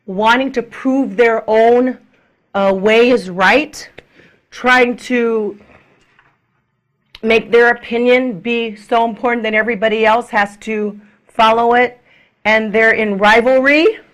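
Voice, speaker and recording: A middle-aged female minister delivers an animated sermon to her congregation, acting out the people she quotes and occasionally sinking to a soft whisper. Her voice sits on the high side.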